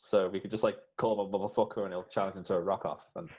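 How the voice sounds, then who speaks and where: A man joking around as a player at a tabletop game, animated banter. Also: sits low, racing, muffled recording, slight background noise. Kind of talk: casual chat at a game table.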